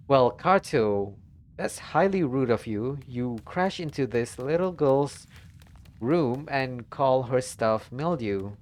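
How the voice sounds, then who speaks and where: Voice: medium pitch, expressive, takes it slowly, long pauses. A streamer giving casual let's-play commentary, chatty, laughing often and answering chat.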